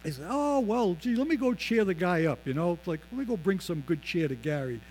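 A man in his fifties telling a personal faith testimony, acting out the voices of others and dropping low and slow on solemn lines. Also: expressive, a little mellow, rough recording. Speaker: speaker giving his testimony.

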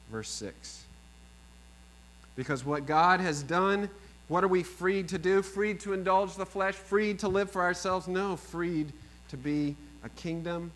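A man over forty preaching a sermon as pastor, swinging between emphatic peaks and low, quiet lines. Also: low-quality recording. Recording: faint mains hum.

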